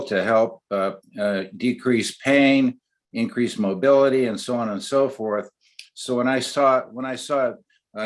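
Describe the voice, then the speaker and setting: An older man, an oral surgeon guest on a webinar, telling a long anecdote in a chatty way. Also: fairly low pitch. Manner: chatty anecdotal storyteller with many fillers and restarts. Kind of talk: storytelling in a webinar.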